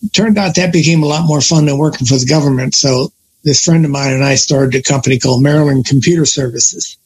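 A man's voice: medium pitch, fast talker, a little mellow, slightly rough, rough recording. An older man telling long stories from his working life in a casual conversation, often stopping to correct himself. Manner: rambling storyteller, self-correcting. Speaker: guest.

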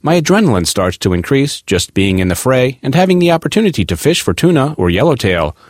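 A man reads a magazine article aloud, his pitch rising and falling with plenty of movement. His delivery is expressive and lively. The sound is dry and close, with no room around it. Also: quick pace, dry recording. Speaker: article reader.

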